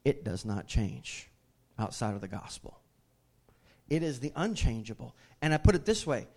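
A man's voice: medium pitch, big pitch swings, moderate pace, darkish tone. A male pastor, preaching a sermon that moves from easy teaching to fervent, raised delivery. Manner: builds from conversational teaching to impassioned raised preaching.

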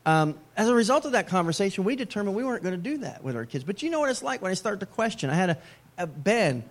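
Middle-aged pastor preaching, slightly high voice. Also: male voice, sing-song, fast. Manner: conversational preaching with joking asides. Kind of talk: sermon.

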